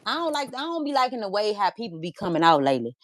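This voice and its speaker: A woman hosting a podcast in casual chat, animated and colloquial, swearing freely. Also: medium pitch, fast talker, over a noisy crowd. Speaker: podcast host.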